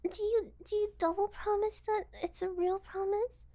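A woman playing a giggly, flustered girl with a squeaky voice. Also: fairly even intonation, moderate pace, warm tone. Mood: flustered, eager. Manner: giggly, breathless, stammering, drops into whispers. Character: gullible, eager, easily flustered young woman. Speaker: audio role-play performer. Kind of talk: intimate audio role-play.

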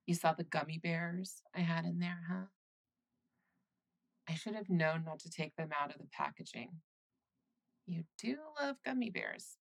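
A woman voicing a caring, teasing young girlfriend in a whispered role-play, soothing and reassuring with soft laughs. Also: lowish voice, vocal fry, heavily acted.

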